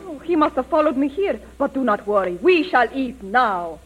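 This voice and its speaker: Little Red Riding Hood. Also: female voice, sits high, big pitch swings, normal speed, husky, heavily acted, poor audio. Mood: polite. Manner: prim, formal phrasing.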